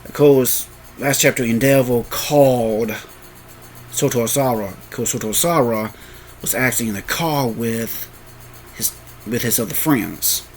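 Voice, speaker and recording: A sleepy man tells his own fan story late at night, wandering and correcting names as he goes. His voice sits in a middle pitch and moves at an unhurried, plodding pace. Faint music plays behind him throughout. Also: low-quality recording. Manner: rambling, often correcting names and restarting. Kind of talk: improvised fan story reading.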